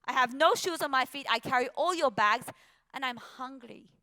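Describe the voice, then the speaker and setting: A woman's voice: high-pitched, normal speed, pushed and bright, no room sound. A woman voicing a hardworking male trail porter who speaks in broken English. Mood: exasperated.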